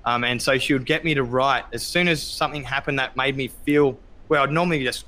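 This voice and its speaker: A man speaks as a podcast guest in a bright, forward voice. He talks candidly and reflectively, pausing on ums and bursting into loud acted-out quotes. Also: medium pitch. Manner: open, reflective, many ums, acts out quotes loudly. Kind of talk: candid conversational storytelling.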